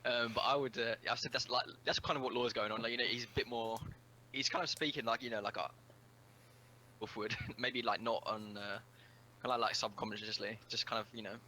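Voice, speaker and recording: A man's voice: mid-range voice, fairly even intonation, a little fast, sharp tone, a little hiss or hum, low-quality recording. A man playing in a tabletop role-playing game, explaining at length and filling his speech with "like" and "you know". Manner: rambling, lots of "like" and "you know". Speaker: player. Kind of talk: tabletop role-play chat.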